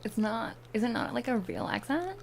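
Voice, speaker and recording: A woman's voice: on the high side, sing-song, normal speed, vocal fry, slight background noise. A young woman with a Valley Girl accent, chatting in a whispered role-play as an ASMR streamer, close to the mic and full of "like" fillers. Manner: chatty, many "like" fillers, drifts between whisper and soft voice. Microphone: close ASMR mics.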